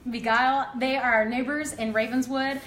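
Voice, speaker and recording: A woman's voice: on the high side, a little slow, background noise. A young woman hosting a live cooking demonstration in a home kitchen, upbeat and chatty with frequent ums. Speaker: cooking demo host. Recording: roomy kitchen echo, faint ambience.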